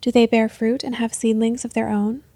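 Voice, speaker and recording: A woman voicing a sly old male beggar who speaks in riddles, slow and half-whispered. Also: on the high side, level tone, dark tone, dry recording, natural voice. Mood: musing, sly.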